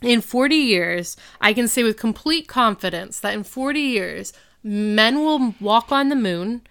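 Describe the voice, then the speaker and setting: A woman in her thirties chats through a recap with a bright, crisp tone. Her voice is smooth and clear. She keeps things loose and dips into little character voices as she retells scenes. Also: on the high side, lively intonation. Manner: chatty, retells scenes with quick quoted voices. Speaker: podcast co-host. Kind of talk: casual recap chat.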